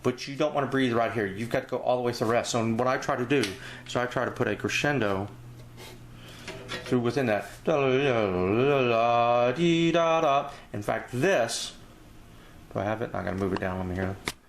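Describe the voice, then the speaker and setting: A man's voice: mid-range voice, quick pace, vocal fry. A man in a mid-range voice walks through a piece of sheet music, talking in a loose, rambling way and breaking into scat syllables to show the phrasing. He sounds like a teacher at a music stand, and there is a faint hiss behind him. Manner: relaxed, rambling, scats phrases aloud. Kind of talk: casual instructional walkthrough.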